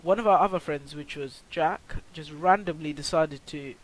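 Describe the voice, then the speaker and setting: A teenage boy recounts a story for his vlog, slightly high in pitch. He rambles, restarts often, packs in fillers and swears freely. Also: normal speed, rough recording. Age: teens. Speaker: vlogger.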